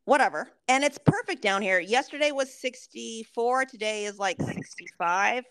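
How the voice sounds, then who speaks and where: A young woman co-hosting a podcast, telling a story in a profane, animated way. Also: a little high, moderate pace, smooth, no echo. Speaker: podcast co-host. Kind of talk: casual chat.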